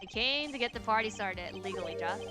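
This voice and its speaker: A woman's voice: mid-range voice, expressive, fairly quick, close to an everyday voice. A woman voicing a cocky young male rock-star prosecutor who drops German words, read over game music. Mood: smug.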